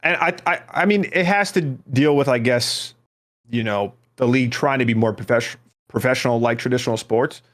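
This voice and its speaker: A man's voice: medium pitch, moderate pace, fairly bright tone. A man hosting a casual podcast, talking in a loose, rambling way and passing questions to his co-hosts. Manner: rambling, hesitant, full of restarts. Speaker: podcast host.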